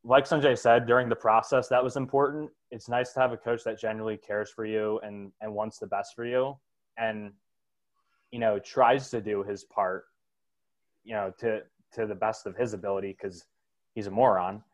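Blunt, low-voiced man ranting about sports. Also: steady tone, moderate pace, rough recording. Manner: blunt, opinionated, rambling with fillers. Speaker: sports podcast host. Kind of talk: casual sports talk.

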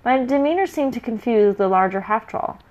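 A woman's voice: a little high, animated, fairly quick, a little mellow, dull audio. Woman narrating a fantasy adventure. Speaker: storyteller. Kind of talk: first-person fantasy story narration.

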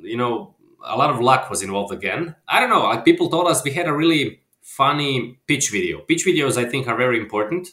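A man's voice: mid-range voice, expressive, a little fast, bright, forceful tone, roomy sound. A man from Croatia, a filmmaker guest, talking casually and hesitantly, often restarting and trailing off. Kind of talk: casual interview chat.

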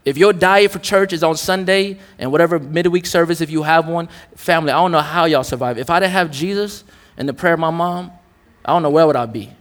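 A man's voice: fairly high pitch, fairly quick, fairly bright tone. A young adult man preaching a sermon to a congregation in a candid, conversational, joking way. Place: church in front of a congregation. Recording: reverberant church hall.

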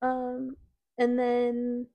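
A woman's voice: on the high side, completely flat delivery, very slow, lo-fi sound. A young woman in her twenties co-hosting a podcast, telling stories in a chatty way with lots of fillers. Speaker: podcast co-host. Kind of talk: casual chat.

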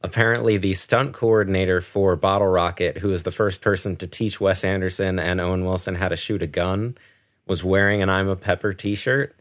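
A low-voiced man on a podcast, telling behind-the-scenes movie facts at length. His pitch sits well below most men's. He talks casually and wanders through his points. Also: fairly even intonation, normal speed, a bit bright. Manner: shares trivia in long, winding stretches. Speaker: podcast co-host. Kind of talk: casual chat.

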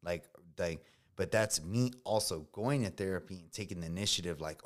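A man's voice: deep voice, moderate pace. A man telling his story candidly in casual conversation, with a profane, slangy and emphatic way of talking. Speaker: combat veteran guest.

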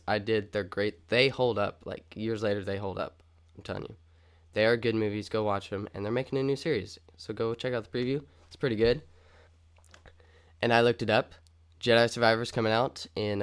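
Smooth-voiced young man, casual podcast host. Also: mid-range voice. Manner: rambling, upbeat, lots of fillers.

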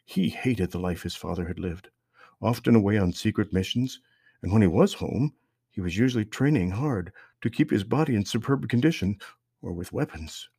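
A man narrating a storybook with a very deep, husky voice. His delivery is measured and steady, and the recording is dry and close. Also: no room sound.

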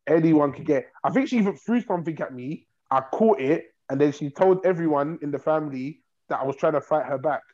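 A young man telling a long story in a rambling, animated way, repeating himself. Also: a little high, fairly quick, hardly any pauses, lo-fi sound. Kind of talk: casual storytelling.

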